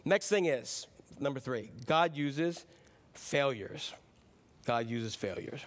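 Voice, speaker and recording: A man preaching a sermon in a conversational, animated way, dropping his voice to act out quoted lines. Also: medium pitch, slow. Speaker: pastor.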